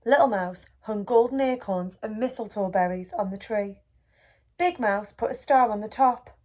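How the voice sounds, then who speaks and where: A woman reading a children's picture book aloud for a school, in a gentle and expressive storytelling manner. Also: medium pitch, normal speed.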